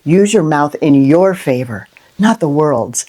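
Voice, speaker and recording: Low-pitched and measured, a middle-aged woman delivers a heartfelt, unscripted monologue to camera for a Christian inspirational video. Her talk is full of lively rhetorical questions, with "right?" coming up again and again.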